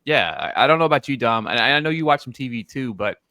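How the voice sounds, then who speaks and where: Guy hosting a podcast, rambly and loose, close dry mic, normal pitch. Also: animated, fast, bright, forceful tone, no echo. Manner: rambling, repeats words. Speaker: podcast host. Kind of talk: casual chat.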